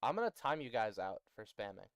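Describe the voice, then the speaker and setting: A male streamer with a lowish, resonant, clear voice talks briskly, his pitch swinging widely, with no room sound. Sitting close to the mic, he teaches his chat about constructing a language in a laid-back way, bantering and laughing frequently.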